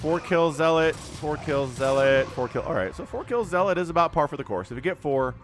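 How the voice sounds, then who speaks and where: A man casting a recorded strategy game on a livestream, excitable and chatty, greeting viewers from chat between plays. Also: a little high, a little fast, over music. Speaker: game caster.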